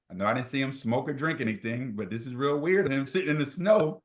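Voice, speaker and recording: A man's voice: on the high side, a little fast. A middle-aged man from New Jersey, a former college football player telling stories as an interview guest and acting out quoted dialogue. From New Jersey, USA. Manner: animated storyteller who acts out quoted dialogue. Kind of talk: storytelling in an interview. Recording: roomy echo.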